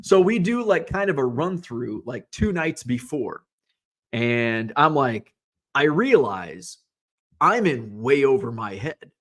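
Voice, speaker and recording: Animated rambling male card-show host. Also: mid-range voice, slow. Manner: rambling, animated, swears casually, reads chat comments aloud. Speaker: livestream host, sports card dealer. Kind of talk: casual livestream chat and storytelling.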